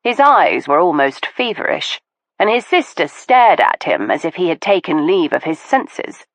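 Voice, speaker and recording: Expressive woman narrating a mystery novel. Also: lowish voice, dry recording. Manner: measured, expressive storytelling. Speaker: audiobook narrator. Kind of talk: first-person novel narration.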